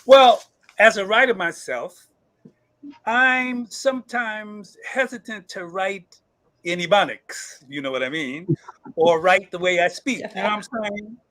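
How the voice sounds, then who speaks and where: High-voiced man asking interview questions. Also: unhurried, sharp tone, no echo. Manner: conversational, thoughtful questioning. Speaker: co-host.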